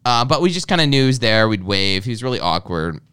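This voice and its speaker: Young guy, smooth clear voice, swings his pitch a lot, animated crude storytelling. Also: fast talker. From Canada. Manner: animated, profane, jokey. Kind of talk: casual crude storytelling chat.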